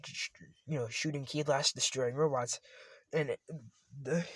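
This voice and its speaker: A man's voice: mid-range voice, no room sound. A man casually retelling a fan story, rambling and often correcting himself.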